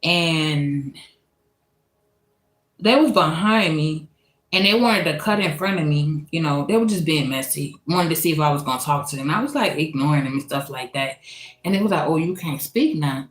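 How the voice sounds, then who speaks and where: A woman's voice: deep voice, normal speed. Profane woman telling a story. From Louisiana. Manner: profane, animated, laughs often. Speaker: tarot reader telling a personal story. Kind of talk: casual storytime chat. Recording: echoey room.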